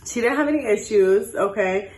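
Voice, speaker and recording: A woman in her twenties telling a dating story in a casual, animated way and acting out the dialogue. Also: medium pitch, normal speed. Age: 20s. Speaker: storytime host. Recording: echoey room.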